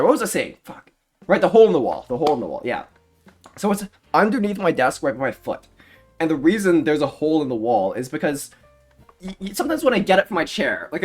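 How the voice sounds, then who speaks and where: A young man streaming live, chatting casually in a rambling, self-mocking way and laughing often. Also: on the high side. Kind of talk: casual livestream chat.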